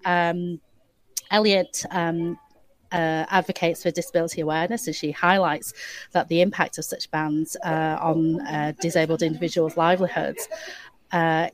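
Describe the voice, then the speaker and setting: A woman co-hosting a podcast from a hotel bar, talking in a relaxed way with many ums and uhs. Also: deep voice, normal speed, poor audio. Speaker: podcast co-host. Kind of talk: casual chat.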